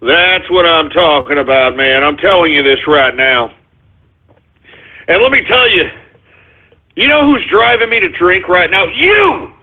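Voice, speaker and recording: A man hosting a call-in radio show in a profane, blustery rant with yelling outbursts. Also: a little high, lively intonation, unhurried, long pauses. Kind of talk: ranting call-in radio talk. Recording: tinny phone-like line.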